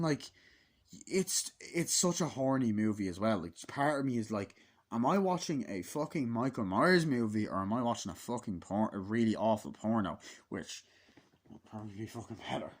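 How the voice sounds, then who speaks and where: A man's voice: lowish voice, expressive, moderate pace. A man giving an unscripted movie review in a rambling way, swearing a lot and using many fillers. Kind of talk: casual, unscripted spoken review.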